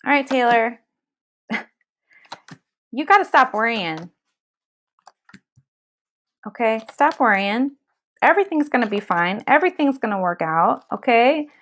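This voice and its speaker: Her fairly high, fairly bright voice is very animated but a little slow, with long pauses, as she gives a live tarot card reading. She speaks directly to viewers with blunt, emphatic tough-love advice and some cursing, checking in constantly with "okay?" and "all right?"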